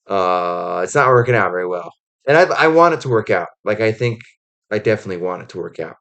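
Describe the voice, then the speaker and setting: Rambling low-voiced sports talker. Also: male voice, a little fast. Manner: rambling, heavy on "like" and "um" fillers; animated storytelling with acted-out quotes. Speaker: college football podcast host. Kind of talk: casual sports commentary.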